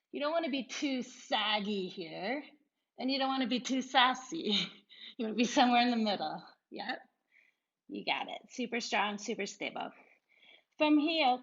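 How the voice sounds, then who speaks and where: Slow-paced woman cueing yoga poses. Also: medium pitch, highs cut off. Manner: cueing poses in short calm phrases, laughing at herself. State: slightly out of breath. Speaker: yoga instructor. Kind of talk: guided yoga class instruction.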